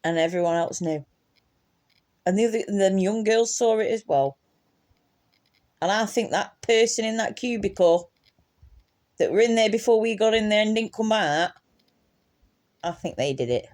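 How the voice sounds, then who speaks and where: A woman's voice: medium pitch, normal speed, pauses often, a little mellow. A young woman tells a casual storytime anecdote, laughing often and swearing freely. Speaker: vlogger.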